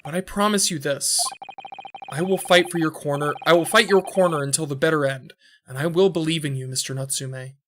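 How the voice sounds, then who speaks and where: A man's voice: on the high side, steady tone, brisk, background noise, lightly acted. A man voicing an earnest young male student lawyer with a resolute, determined delivery, over game music.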